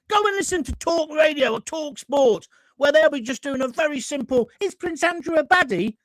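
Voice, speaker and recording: A man's voice: very high voice, lively intonation, moderate pace, fairly bright tone, dry recording, low-quality recording. A man from England hosting a live call-in stream, ranting indignantly, sometimes swearing and getting heated as he reads viewer comments. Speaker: host of live call-in show. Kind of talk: opinionated live-stream monologue.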